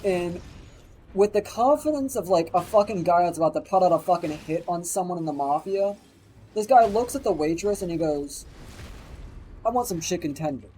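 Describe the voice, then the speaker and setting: This is casual storytelling: a man rambles through a profane, lively anecdote on a stream, quoting voices as he goes. His voice sits high at a normal pace, and a little hiss or hum marks the rough recording.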